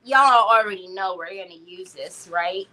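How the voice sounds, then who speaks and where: This crafting livestream host has a mid-range voice, bright and forceful, at a moderate pace. She keeps the chat casual and playful, using cutesy baby talk and reading viewers' comments aloud.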